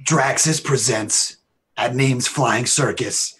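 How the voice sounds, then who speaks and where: A man's voice: medium pitch, slow, fairly bright tone, breathy edge. A man playing his character in a tabletop game, matter-of-fact and dry. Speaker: player. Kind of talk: in-character play.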